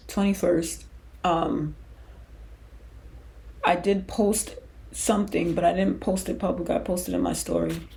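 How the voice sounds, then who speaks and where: A woman's voice: lowish voice, gravelly, a little mellow. A woman hosting a podcast, telling her personal faith story in a candid, emotional, conversational way with loose restarts. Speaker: podcast host.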